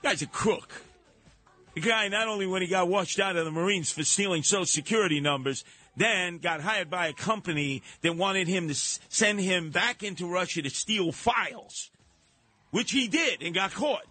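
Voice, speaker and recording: A man hosting a radio talk show, delivering a sarcastic, animated monologue. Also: high voice, normal speed, faint music behind. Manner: sarcastic, animated, mocking put-on voices.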